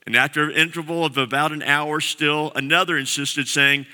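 Bright-voiced preaching man in a reverberant hall. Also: on the high side, fairly even intonation, moderate pace, few pauses. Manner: earnest preaching with repeated phrases. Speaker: pastor. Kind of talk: sermon. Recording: long reverb of a large hall.

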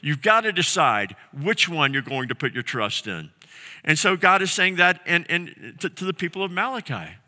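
A man's voice: fairly high pitch, very animated, normal speed, bright, forceful tone, big-room sound. A man preaching a sermon as a pastor, earnest and direct, repeating key phrases for emphasis.

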